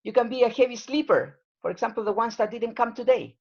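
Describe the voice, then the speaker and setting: A woman's voice: fairly high pitch, quick pace, highs cut off. A woman teaching an English class over a video call, explaining patiently with plenty of fillers.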